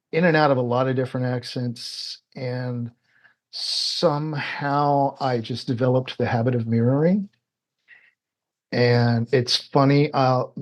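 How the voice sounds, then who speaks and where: A man from Indiana, a guest poet, chatting casually on a podcast, laughing often and restarting his sentences. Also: mid-range voice. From US Midwest, Indiana.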